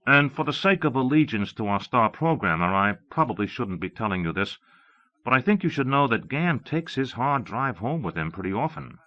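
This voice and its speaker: A man's voice: medium pitch, very animated, normal speed, no room sound, pitched above the performer's own voice, natural voice. A man reading an uneasy young programmer. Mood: earnest. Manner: hesitant, earnest. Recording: dull lo-fi cassette audio.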